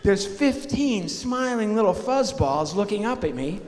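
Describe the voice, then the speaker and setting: A man doing live stand-up comedy and ventriloquism in a church, chatty and animated with the audience. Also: high-pitched, unhurried. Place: church hall. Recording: live hall reverb, faint ambience.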